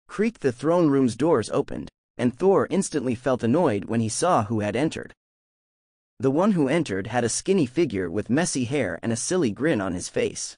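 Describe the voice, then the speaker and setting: Expressive male audiobook narrator, dry sound. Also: mid-range voice, normal speed, no room sound.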